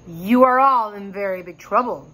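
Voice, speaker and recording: A woman's voice: medium pitch, normal speed, sharp tone, rough recording. A woman voicing a stern old male wizard who scolds firmly.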